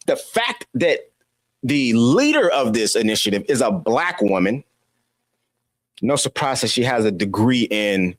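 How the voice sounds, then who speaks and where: A man's voice: mid-range voice, no echo, studio quality. A man giving an opinion monologue as a commentator, preachy and scolding, firing off rhetorical questions. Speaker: political commentator.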